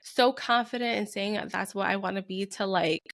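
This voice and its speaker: Candid young mom chatting, lots of "like". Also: female voice, medium pitch, moderate pace, gravelly, fairly bright tone. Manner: candid, heartfelt, heavy use of "like". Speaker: podcast co-host, mother. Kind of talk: casual chat.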